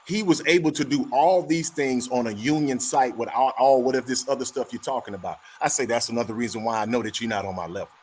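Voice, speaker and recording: A man's voice: medium pitch, fast talker, hardly any pauses, darkish tone, breathy edge. A man in casual chat, telling a story animatedly and acting out both sides of the dialogue.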